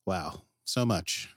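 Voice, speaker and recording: A man co-hosting a podcast, recapping episodes in casual, animated chat. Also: low-pitched, husky, dry recording, studio quality. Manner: animated, jumps into quoted character voices. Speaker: podcast co-host.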